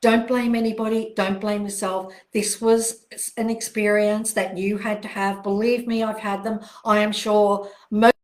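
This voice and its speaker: An older woman hosting a live question-and-answer stream, speaking in a gentle, reassuring way with soft pauses and repeated phrases. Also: medium pitch, level tone. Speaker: self-help author hosting a live Q&A.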